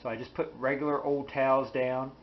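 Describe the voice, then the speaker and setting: A man's voice: mid-range voice, little pitch movement, fairly quick, highs cut off, slight background noise. A man vlogging in a casual, folksy way, chatting straight to his viewers about chores around the house. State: out of breath at times. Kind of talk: casual home vlog.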